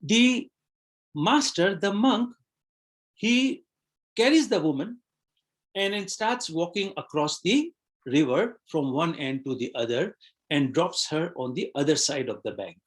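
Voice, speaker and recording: An earnest man leads a motivational webinar in a fairly high voice for a man. He tells a fable, then repeats its lesson in phrases that speak directly to the listener. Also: expressive, a little slow. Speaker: webinar trainer. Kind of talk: motivational talk with storytelling.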